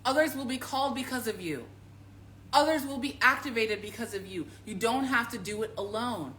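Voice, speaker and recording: Calm spirit guides, as a woman voices them. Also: a little high, normal speed, a little hiss or hum, lightly acted. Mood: soothing. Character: calm spirit guides speaking as one, gentle.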